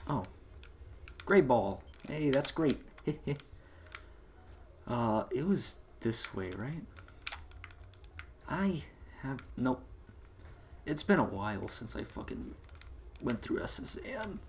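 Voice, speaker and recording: A man talks through his game run in an unhurried, offhand drawl. He swears constantly and yelps at sudden turns, with faint background hiss and keyboard clicks near the mic. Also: medium pitch. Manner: profane, excitable outbursts. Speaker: let's play gamer. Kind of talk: casual gaming commentary.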